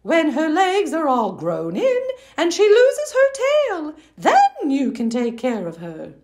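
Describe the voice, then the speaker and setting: A woman voicing a kind, patient mother frog in a high, sing-song tone. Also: wildly swooping pitch, takes it slowly, darkish tone, heavily acted. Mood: gentle.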